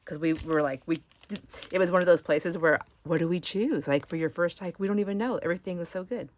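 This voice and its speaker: Lower-voiced woman chatting over craft finds. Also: fast talker. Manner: rambling, easily sidetracked, chatty. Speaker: craft channel host. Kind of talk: casual show-and-share chat.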